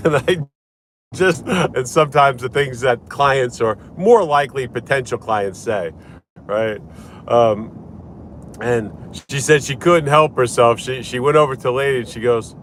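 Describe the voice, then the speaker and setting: A lawyer films a casual morning vlog while driving, chatting away in an unhurried, mid-range voice over a little hiss or hum. He rambles animatedly through a story, restarting it again and again.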